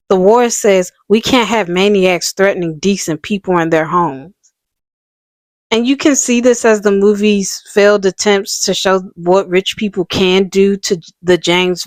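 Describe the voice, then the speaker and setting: Woman video essayist, unhurried and chatty, mid-pitched voice, dry close recording. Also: dry recording. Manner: casual, analytical, many "you know" fillers. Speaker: book reviewer.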